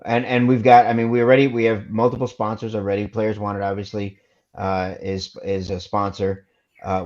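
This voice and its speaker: A man's voice: on the low side, a little mellow. A man co-hosting a casual podcast, talking in a laid-back way with many fillers and restarts. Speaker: co-host. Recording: dull lo-fi sound.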